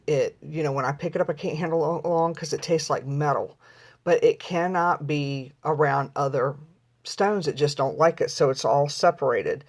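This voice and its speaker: A woman hosting a casual live video at home, talking to viewers in a chatty, rambling way and calling them y'all. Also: low-pitched. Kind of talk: casual live-stream chat. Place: at home, lighting incense.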